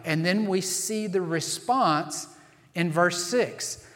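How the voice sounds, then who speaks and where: A man's voice: sits high, fairly bright tone. Man preaching in a reverberant hall. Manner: earnest, emphatic preaching with slow stressed phrases. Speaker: pastor. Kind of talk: sermon. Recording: long reverb of a large hall.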